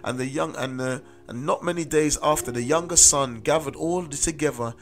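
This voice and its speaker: Music runs under this street sermon from a man with a South London accent. His voice sits on the high side at a normal speed as he earnestly folds personal testimony into his preaching, repeating "amen" and "listen to me."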